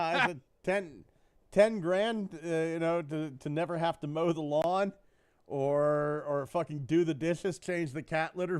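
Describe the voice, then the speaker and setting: A middle-aged man chats on a live podcast with a somewhat high voice. He tells stories in a loose, joking way and laughs often. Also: smooth. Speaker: podcast co-host. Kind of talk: casual live-stream chat.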